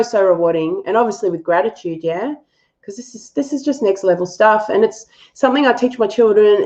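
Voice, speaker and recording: A woman's voice: medium pitch, a little mellow, highs cut off. A woman hosting a live-stream animal reading and answering viewers, affectionate and thinking aloud with fillers.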